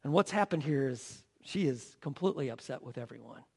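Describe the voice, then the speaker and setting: A man preaching a sermon, telling a story dramatically, asking the audience rhetorical questions, and dropping from loud to hushed. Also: medium pitch, animated, fairly quick, vocal fry, breathy edge. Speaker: pastor.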